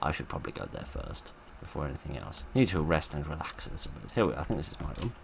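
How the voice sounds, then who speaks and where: Deep, gravelly man joking through a game. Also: wildly swooping pitch, quick pace, background noise. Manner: wry, sarcastic asides to the game. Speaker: let's play host. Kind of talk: casual gameplay commentary.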